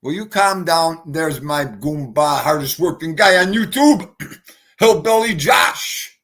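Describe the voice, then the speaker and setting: Brash, profane New livestream host. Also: male voice, a little high, lively intonation, measured pace, fairly bright tone. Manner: brash, profane, greets chatters. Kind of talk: casual livestream chat.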